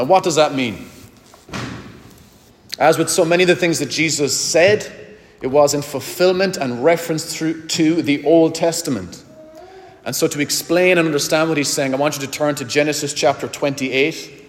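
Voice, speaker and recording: A pastor preaching a sermon earnestly, speaking straight to his listeners and reading scripture aloud. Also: fairly high pitch. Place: church. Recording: reverberant church hall.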